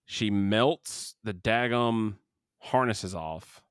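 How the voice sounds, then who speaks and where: Low-voiced rambling man reviewing a movie. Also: very slow, clean tone, dry recording, studio quality. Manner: rambling, restarts sentences, laughs often. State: has the hiccups. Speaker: podcast co-host. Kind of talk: casual movie review chat.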